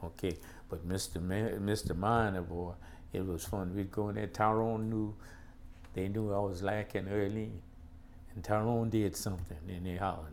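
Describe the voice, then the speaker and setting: An older man from the South, recounting school memories as an animated storyteller who keeps saying "boy" and "man". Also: deep voice, moderate pace. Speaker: interviewee recalling school days. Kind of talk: casual storytelling interview.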